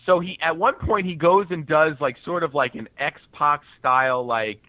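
A man at a mid pitch, calling in to co-host a casual podcast. He chuckles easily and often answers with a brief yes. His voice comes through a thin, dry phone line. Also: normal speed, no room sound. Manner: relaxed, chuckling, short agreeing replies. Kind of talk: casual chat.

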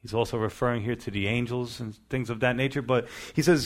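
A male pastor preaching a sermon, building to emphatic bursts and then dropping to quieter asides. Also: mid-range voice, steady tone, a little fast, hardly any pauses.

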